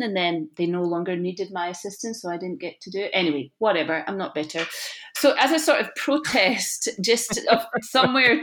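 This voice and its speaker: A woman's voice: medium pitch, fairly bright tone. A woman in her forties talks easily in a casual interview, with a slight lisp from a lazy tongue. She is self-deprecating and laughs at herself often. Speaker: actress, podcast guest.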